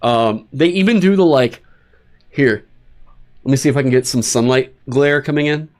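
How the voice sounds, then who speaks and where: A man hosting a livestream, talking casually and swearing in exasperated, animated rants. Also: medium pitch, moderate pace. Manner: animated, profane ranting with exasperated asides. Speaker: streamer hosting a dungeon design stream.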